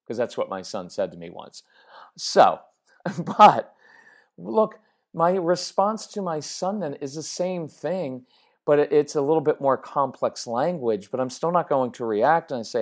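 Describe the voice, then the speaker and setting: A woman's voice: sits low, animated, measured pace. Middle-aged woman, parenting coach; conversational, emphatic delivery that keeps checking in with the audience. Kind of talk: direct-to-camera parenting talk.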